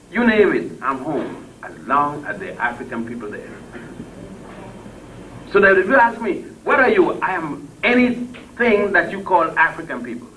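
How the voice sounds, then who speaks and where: An older man giving an impassioned speech to a crowd, blunt and salty. He swings between loud peaks and low murmurs and chuckles as he tells stories. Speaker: public speaker. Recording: distant mic with faint background noise.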